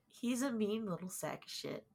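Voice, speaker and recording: A woman's voice: mid-range voice, animated, normal speed, gravelly, darkish tone. A woman playing in a tabletop game, describing her character in a casual, joking way with plenty of swearing. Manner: profane, joking, laid-back. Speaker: player.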